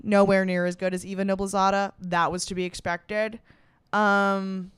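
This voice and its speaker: A young woman riffs through a comedy podcast monologue in a chatty, sarcastic ramble, swearing freely. Her voice comes across smooth and clear, close to the mic in a dry, dead room. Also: medium pitch, no room sound. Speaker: podcast host.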